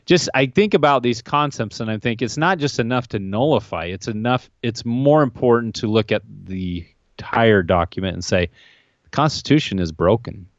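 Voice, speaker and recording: A man's voice: medium pitch, animated, normal speed, hardly any pauses, no room sound, dull audio. A man hosting a political podcast, opinionated and wry, asking pointed questions. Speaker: podcast host.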